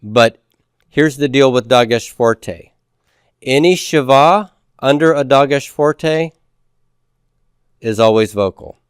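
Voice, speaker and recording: Man, lecture style, patient and repetitive, smooth resonant voice, dry recording. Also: medium pitch, slow, long pauses, no echo. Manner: patient, repeats key points, checks understanding with "okay?". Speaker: Hebrew grammar teacher. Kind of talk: classroom lecture.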